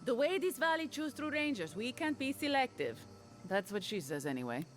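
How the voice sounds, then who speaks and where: An actress voicing a brisk, proud ranger in game character dialogue, curt and opinionated. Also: female voice, on the high side, sing-song, soft background music.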